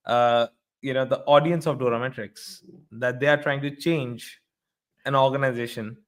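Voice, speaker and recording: A man's voice: mid-range voice, fairly even intonation, normal speed. Male host who repeats his words. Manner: repeats words, ends points with "right?". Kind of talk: casual webinar interview.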